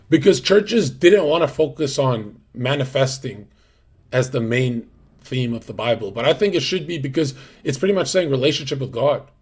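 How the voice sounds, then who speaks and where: A man's voice: on the high side, creaky, breathy edge. A young man hosting a livestream, talking in a rambling, slangy way with lots of fillers and restarts. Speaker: livestream host. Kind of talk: casual livestream chat.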